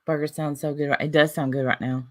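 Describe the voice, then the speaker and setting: A woman's voice: sits low, little pitch movement, fast talker. A woman in her forties hosting a casual livestream, chatting and reading viewer comments aloud. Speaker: livestream host reading chat.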